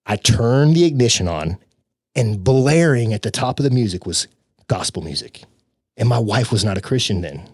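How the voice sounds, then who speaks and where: A young man, a podcast guest, telling his personal story with emotion, animated and acting out the voices of the people in it. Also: lowish voice, normal speed, husky, no room sound, clean studio sound. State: tearful.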